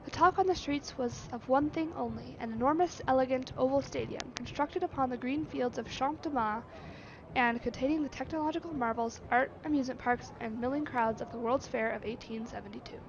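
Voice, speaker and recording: A woman streamer reading a text adventure game aloud, with expressive narration and musing asides. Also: high-pitched, a little fast. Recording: slightly dull lo-fi with faint noise.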